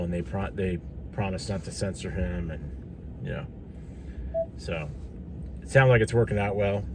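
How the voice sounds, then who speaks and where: Brief: man, low voice, tired vlogger, rambles with ums and restarts. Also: noisy background. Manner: rambling, many fillers and restarts. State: tired, yawning. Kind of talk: casual vlog talk.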